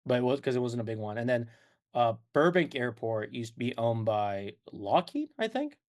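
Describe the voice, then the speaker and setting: Lively, rambling podcast host. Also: male voice, medium pitch, moderate pace. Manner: rambling, laughs often, slips into playful voices. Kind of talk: casual chat.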